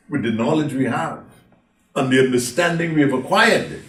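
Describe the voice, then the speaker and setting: A man's voice: mid-range voice, lively intonation, normal speed, fairly bright tone. A man preaching a sermon to a congregation, telling the story dramatically and asking them rhetorical questions. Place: church hall. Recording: roomy hall, from a distance.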